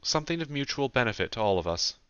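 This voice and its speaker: A man voicing a calm, poised woman negotiator in an audiobook, smooth and measured in manner. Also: mid-range voice, no room sound, lo-fi sound, pitched above the performer's own voice. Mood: composed.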